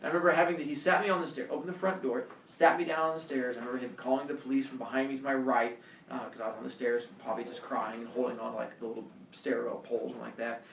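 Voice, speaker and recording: A male teacher telling a personal story to his class in a lively way, acting out scenes with shouts and voices. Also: medium pitch, racing, vocal fry, slight background noise. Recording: echoey room, mic far off.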